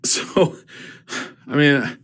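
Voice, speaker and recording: A man's voice: extremely slow, fairly bright tone. Chuckling man playing a tabletop game. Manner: chuckling, laughs between words. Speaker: player. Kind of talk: casual tabletop game chat.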